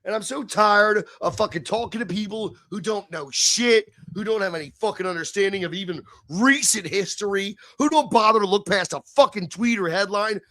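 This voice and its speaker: A tipsy man hosting a live stream, ranting and swearing, swinging between low mutters and shouted outbursts. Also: moderate pace, few pauses, no echo, studio quality. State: tipsy from beer. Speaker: livestream host. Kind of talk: profane live-stream rant.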